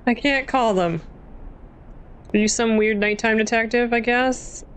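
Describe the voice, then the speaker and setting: A woman's voice: on the high side, fairly even intonation, unhurried, a little hiss or hum. A young woman casually commenting on a horror game as she plays, jumpy and self-mocking. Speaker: gaming channel host.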